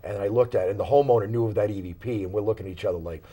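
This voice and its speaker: Guest investigator, male, low husky voice, animated storyteller, studio chat. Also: racing. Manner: animated storyteller, many fillers and restarts. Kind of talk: casual interview storytelling. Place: small studio.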